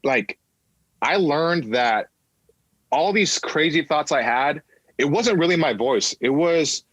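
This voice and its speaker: A man's voice: fairly high pitch, slow, slightly rough, no room sound, rough recording. Candid man telling his story, dry. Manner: animated, acts out voices, swears freely. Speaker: podcast guest, comedian.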